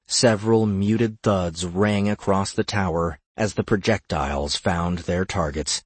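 A male audiobook narrator with a lowish, husky voice who reads battle scenes in a steady, measured way. The sound is close and dry, with no room behind him. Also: no echo.

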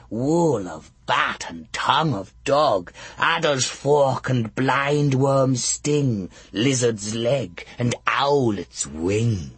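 A man's voice: mid-range voice, a bit bright, breathy edge, dry recording, heavily acted. A man chanting as a coven of old hags. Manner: slow, sing-song incantation.

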